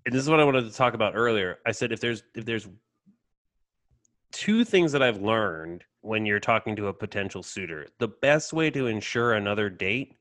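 Low-voiced joking man, dry sound. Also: expressive, normal speed, fairly bright tone, no echo. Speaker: podcast co-host. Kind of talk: casual chat. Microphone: video call.

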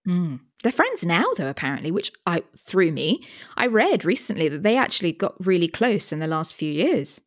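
A British woman with a lowish voice and big pitch swings co-hosts a podcast at normal speed in a dry recording. She chats enthusiastically into a studio mic with a pop filter, often restarting her sentences.

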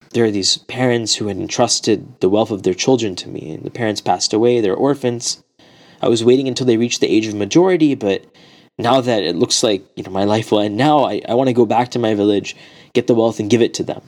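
A man telling a story puts on a young man who confesses to a killing and accepts his fate. He speaks earnestly and pleads for a short delay, in a lowish voice. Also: darkish tone, natural voice. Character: remorseful honest young man facing execution.

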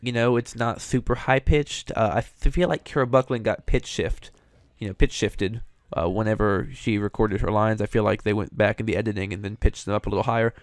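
Chatty young man with a lowish voice. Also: fairly even intonation, brisk, dry recording. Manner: opinionated, chatty fan. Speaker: show host reviewing voice actors. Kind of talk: casual commentary.

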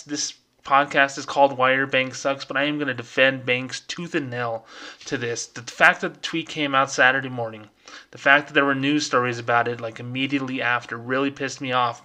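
A man hosting his own podcast, ranting in a casual, fired-up way and slipping into quick mocking voices. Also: medium pitch, bright, forceful tone. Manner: fired-up, ranting, mimics people in quick asides. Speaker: podcast host.

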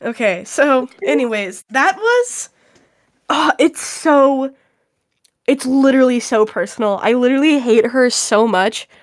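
High-voiced young woman ranting animatedly. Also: measured pace, no room sound, studio quality. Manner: animated, exaggerated ranting with frequent "literally". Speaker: podcast co-host. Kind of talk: casual chat.

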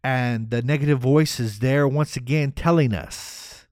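A man giving a motivational talk, energetic and rhetorical, often asking "right?". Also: mid-range voice, a little slow, dry recording, studio quality. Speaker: motivational speaker.

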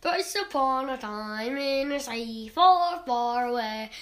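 A woman hosting a children's story show, introducing tonight's story in a gentle, inviting way. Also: high voice, animated, takes it slowly. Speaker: host.

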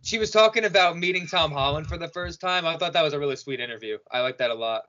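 Bright-voiced, excitable young-sounding man. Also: on the high side, quick pace, lo-fi sound. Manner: enthusiastic, excitable. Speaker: podcast co-host. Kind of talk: casual movie discussion.

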